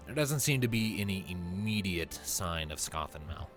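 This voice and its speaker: A man running a tabletop game as game master, narrating scenes in a relaxed, descriptive way with casual fillers. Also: low-pitched, normal speed, faint music behind.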